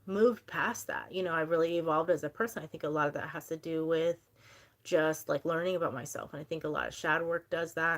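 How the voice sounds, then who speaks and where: A woman's voice: low-pitched, fairly bright tone. A young woman hosting a casual livestream, talking in a chatty, rambling way and reading out viewer comments. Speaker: livestream host.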